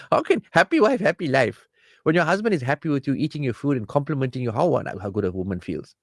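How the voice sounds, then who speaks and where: A man hosting a radio counselling show, talking at a middle pitch. He lectures with animated swings and acts out quarrelling spouses. The studio sound is close and dry. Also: fast talker, no echo. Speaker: marriage counsellor and radio host.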